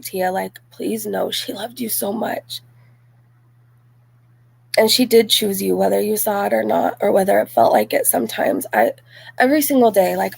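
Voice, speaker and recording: A woman's voice: mid-range voice, gravelly, a little mellow, husky. A woman in her forties hosting a casual live stream, reading chat messages and talking them over in a loose, chatty way full of "like" and "um". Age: 40s. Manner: chatty, frequent "like" and "um", laughs easily.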